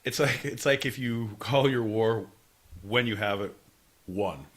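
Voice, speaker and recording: A man's voice: medium pitch, unhurried. A man co-hosting a podcast, teasing his friend in goofy, casual comedy banter. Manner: goofy, teasing, jumps into silly voices. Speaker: podcast co-host.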